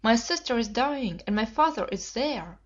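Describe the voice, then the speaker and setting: An eager, devoted young boy, voiced by a woman reading aloud, lifting into high, earnest cries. The tone sits a little above the usual, and the recording is dull and lo-fi. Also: moderate pace. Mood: alarmed. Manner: excited, pleading.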